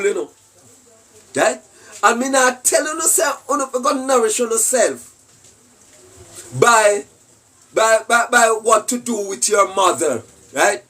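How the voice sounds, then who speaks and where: A Jamaican man rants slowly in a husky voice, swinging his pitch up and down as he fires off rhetorical questions and laughs mockingly. He preaches like a self-styled spiritual commentator, recorded from a little way off the mic. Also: a bit bright, distant mic. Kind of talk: rambling monologue.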